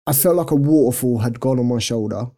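A man's voice: medium pitch, fast, dark tone. A young man on a podcast, telling a rambling, self-mocking story in casual chat and laughing often. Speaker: podcast co-host.

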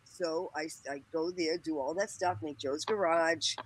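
A woman's voice: low voice, fairly even intonation, measured pace, husky, rough recording. A woman telling a long personal story in casual conversation, laughing often and quoting people, with many fillers and restarts. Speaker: guest.

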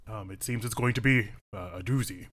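A player voicing a female assassin in a tabletop game, using a deep, powerful, commanding voice. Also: fairly quick, a bit bright, lightly acted. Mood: dismissive. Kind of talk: tabletop role-play.

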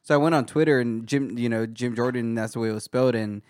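A man's voice: mid-range voice, fast, no echo, studio quality. A man co-hosting a call-in show, mostly giving short agreeing replies with profane asides. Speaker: co-host. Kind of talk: casual call-in show chat.

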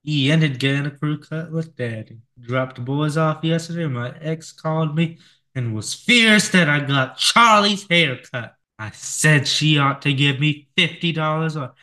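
A man's voice: a little high, bright, forceful tone. A man co-hosting a casual weekend radio show, reading odd news stories aloud with fillers and frequent chuckles. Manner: chuckles often, reads stories in a halting way with fillers.

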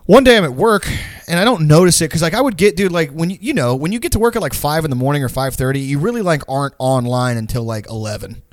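A man's voice: a little high, animated, fast talker, hardly any pauses, no room sound, clean studio sound. A young man telling a long, profane, rambling story in casual chat.

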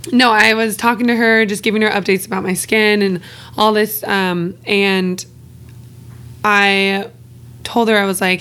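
A woman's voice: mid-range voice, level tone, a little slow, fairly bright tone, smooth. A woman co-hosting a podcast, talking openly and casually, swearing freely and laughing between phrases. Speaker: podcast co-host. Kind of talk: candid casual podcast chat.

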